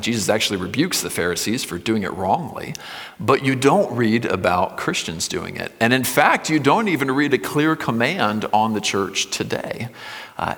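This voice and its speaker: A man's voice: lowish voice, a bit bright. A male pastor giving a sermon, reading scripture aloud and then explaining it in a plain, conversational teaching manner in a church sanctuary. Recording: long reverb of a large hall.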